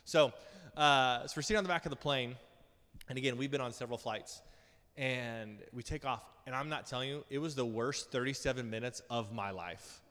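A male preacher giving a sermon, telling funny personal stories in an animated, self-deprecating way, often laughing at himself. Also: medium pitch, fairly quick. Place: large church hall. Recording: long hall reverb.

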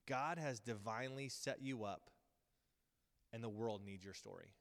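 Long reverb from a large hall colors this recording of a pastor in his thirties preaching to his Bible school group. The sermon is casual and earnest but rambling, with many fillers and restarts. He speaks a little slowly in a mid-range, fairly bright voice.

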